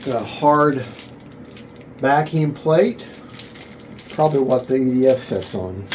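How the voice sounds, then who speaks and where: A man of middle pitch talks slowly through an unboxing, thinking aloud and correcting himself as he goes. He sounds pleased with what he finds. A steady hum of noise sits behind his voice. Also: rough recording. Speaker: RC hobby video host. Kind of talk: casual unboxing commentary.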